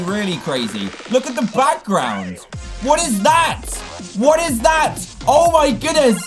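Guy yelling and laughing through a game, pitch bouncing all over, faint game music behind. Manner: excitable, exclaiming and laughing at the game. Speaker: gaming YouTuber. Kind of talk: let's-play gaming commentary.

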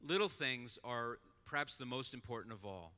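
A man's voice: mid-range voice, moderate pace. Middle-aged man telling a story in a hall. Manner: animated storyteller, acts out voices. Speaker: conference speaker. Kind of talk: storytelling talk to an audience. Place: large conference hall. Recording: long hall reverb.

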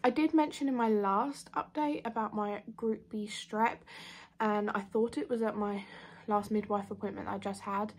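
A woman's voice: medium pitch, steady tone, normal speed, a little hiss or hum. A woman, chatting casually in a vlog update from home and sounding out of breath. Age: 20s. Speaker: vlogger.

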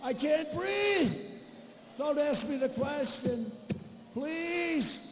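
A man's voice: very high-pitched, expressive, extremely slow, a little mellow, a little hiss or hum, full character voice. A man impersonating a panicked man who gasps and whimpers while choking under questioning. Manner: mocking, breathless whimpering. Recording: echoey arena with crowd ambience.

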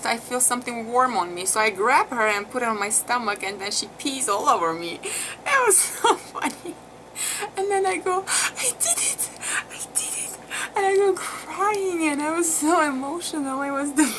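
This mother's birth story comes through a rough recording with clearly audible background noise. Her mid-range voice is a bit bright as she chats emotionally to viewers, with many fillers, in casual vlog style.

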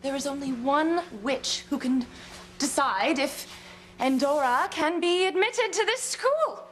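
A prim, sing-song schoolmistress of good witches, with a very high voice that rises and falls. She speaks slowly and carefully over loud music. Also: lively intonation.

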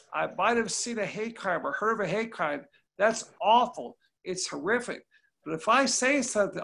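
A high-pitched male congressman who talks in a folksy, punchy way, full of anecdotes. He is heard through a video call in a remote panel discussion. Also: vocal fry, sharp tone. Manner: folksy, emphatic, storytelling.

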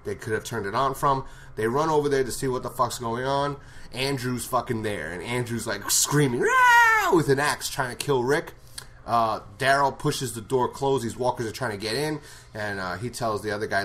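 A man's voice: medium pitch, brisk, fairly bright tone. A man recapping a TV episode in a casual, rambling way, swearing and laughing often. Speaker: show reviewer.

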